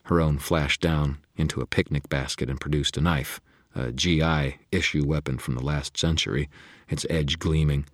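Very deep, husky male narrator. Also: steady tone, normal speed, dry recording, studio quality. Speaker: audiobook narrator. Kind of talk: first-person novel narration.

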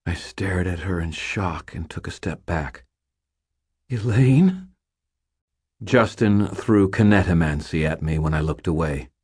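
A man narrating an audiobook in a measured, restrained, somber way. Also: low-pitched, slightly rough, no echo, clean studio sound.

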